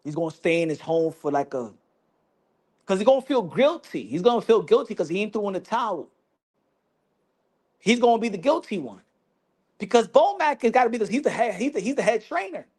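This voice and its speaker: A woman's voice: mid-range voice, very animated, a little fast, long pauses, a little mellow, slightly rough. A woman giving a brash, profane and mocking boxing commentary vlog.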